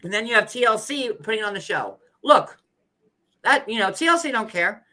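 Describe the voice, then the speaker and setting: Bright-voiced chatty man. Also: high-pitched, animated, normal speed, a little hiss or hum. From United States. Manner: chatty, lots of "like" and restarts, reads comments aloud. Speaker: commentary show host. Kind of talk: casual reality-TV commentary.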